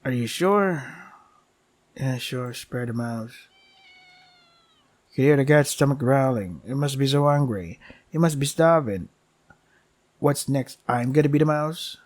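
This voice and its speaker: A man's voice: unhurried, long pauses. A man playing through a visual novel, reading its text aloud and muttering dry, sarcastic asides between lines, often with a sigh. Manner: sighs often, asides drop soft and low. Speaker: let's play gamer.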